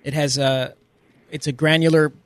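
Man, garden radio co-host, slightly high voice, dry studio sound, knowledgeable. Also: little pitch movement, normal speed, dry recording. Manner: knowledgeable, explains plainly. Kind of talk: casual radio chat.

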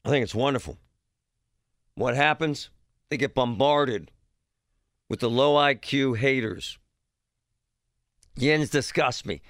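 A man's voice: medium pitch, unhurried, pauses often, fairly bright tone, dry recording, studio quality. A man hosting a talk radio show, delivering a blunt, heated monologue. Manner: blunt, heated, emphatic ranting.

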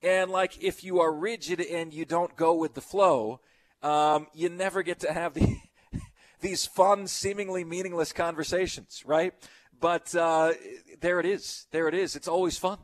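A man's voice: fairly high pitch, steady tone, a little slow. Chatty male sports radio host. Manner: loose, chatty, rambling with listener texts. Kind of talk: casual radio chat.

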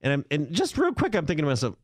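A man's voice: fairly high pitch, wildly swooping pitch, racing, no echo, clean studio sound. A man hosting a casual talk show, telling a story hesitantly with many restarts and asides. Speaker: podcast host.

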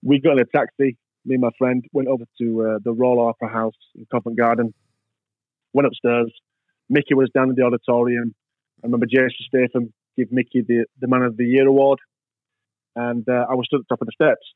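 A man's voice: mid-range voice, level tone, a little fast, no echo. A man telling rambling anecdotes in an interview and acting out the voices of people in his stories. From England. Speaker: interview guest. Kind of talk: storytelling in a casual interview. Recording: dry, tinny phone-like sound.

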